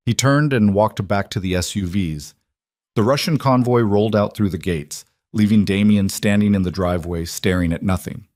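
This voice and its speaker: Man, low voice, scripted suspense narration, steady, dry close mic. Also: normal speed, no echo. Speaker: story narrator.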